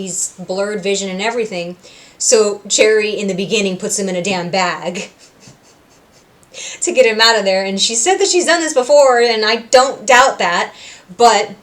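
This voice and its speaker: A woman hosting a reaction video, casually recapping a cartoon episode with lively retellings, acting out characters' lines and correcting herself as she goes. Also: medium pitch. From Puerto Rico. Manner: animated, acting out quotes in voices, self-correcting.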